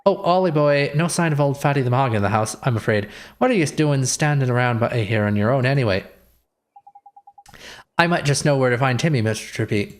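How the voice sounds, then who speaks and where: A man's voice: medium pitch, lively intonation, brisk, close to an everyday voice. A man voicing a brash, chummy fairy sidekick while reading game dialogue aloud. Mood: blustering.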